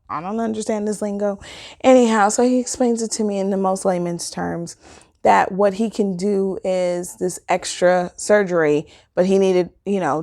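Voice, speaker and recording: A woman telling a personal story in a casual vlog, acting out what people said with big jumps in her voice and frequent laughter. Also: vocal fry. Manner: animated, acts out quotes with big pitch jumps, laughs often.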